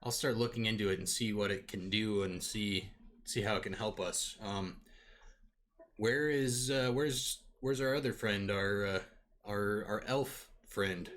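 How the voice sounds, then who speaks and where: A man's voice: lowish voice, unhurried, fairly bright tone. A man voicing a polite, fussy male village council leader who talks hesitantly and courteously. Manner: hesitant, courteous, full of hedges.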